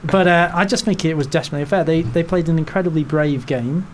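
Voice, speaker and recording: A man hosting a football chat podcast, talking in a slightly higher register with a loose, joking, rambling delivery. There is faint room noise in the background. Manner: jokey, rambling, quick asides. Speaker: podcast host.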